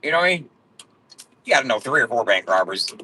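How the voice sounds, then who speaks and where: A man's voice: mid-range voice, expressive, quick pace, pushed and bright, slight background noise, poor audio. A man in his forties telling rambling, profane stories in a blunt way. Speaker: vlogger.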